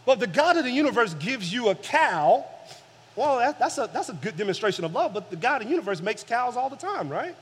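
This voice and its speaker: A man preaching a sermon as pastor, building emphasis through repeated phrases, with swings from soft low passages to loud peaks. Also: big pitch swings, fairly quick, slightly rough. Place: church sanctuary. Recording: long church reverb.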